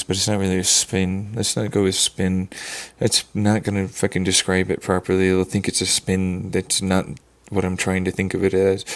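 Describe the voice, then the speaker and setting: A man's voice: deep voice, smooth. A man streaming live, thinking aloud in a rambling, profane monologue and correcting himself as he goes.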